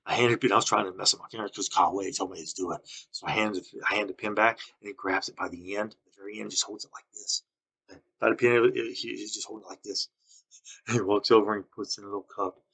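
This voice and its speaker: A man recording a rambling, halting monologue full of accusations and restarts. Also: on the low side, fairly even intonation, gravelly, bright, forceful tone, breathy edge. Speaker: vlogger.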